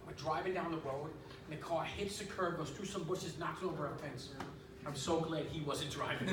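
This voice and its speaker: On a club stage before an audience, a man in his fifties performs stand-up, telling stories conversationally with lots of filler words. His voice is fairly high with fairly even intonation and a quick pace, and the echoey room, distant mic, and audience laughter are all audible.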